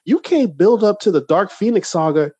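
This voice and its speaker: His voice is high and slightly rough, and he talks at a moderate pace with no echo. As a podcast co-host, the man rants animatedly in casual chat, restarting many times.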